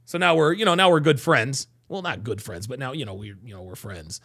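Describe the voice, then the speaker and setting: A man hosting a casual livestream, reading chat and telling profane, animated stories. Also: medium pitch, a little fast, creaky.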